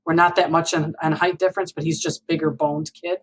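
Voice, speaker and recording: Speaking as an interview-show guest, a woman in her forties shares a personal story earnestly and with visible feeling, often asking her listener "right?" or "you know?" to keep things conversational. Her voice is deep with a flat delivery and a fairly quick pace. The audio is rough.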